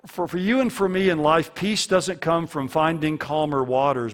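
A man's voice: fairly high pitch, normal speed, hardly any pauses. A man preaching a sermon as a pastor, earnest and fond of repeating key lines for emphasis.

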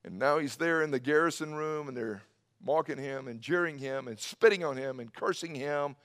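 A man preaching an Easter sermon to a church, swinging between loud emphatic bursts and hushed low passages. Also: normal speed. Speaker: pastor. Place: church service streamed online.

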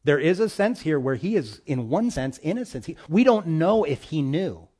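A man's voice: a little high, big pitch swings, normal speed. Emphatic male preacher. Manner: emphatic, swings between loud and soft; addresses the congregation directly. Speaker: pastor. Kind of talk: sermon.

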